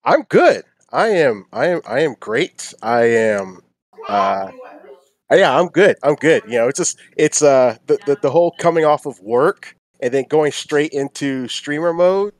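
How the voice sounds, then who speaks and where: A man's voice: mid-range voice, expressive, measured pace, no echo. A man answering as a guest in a casual podcast interview, upbeat and talkative with many fillers, on a call mic. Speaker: featured guest streamer.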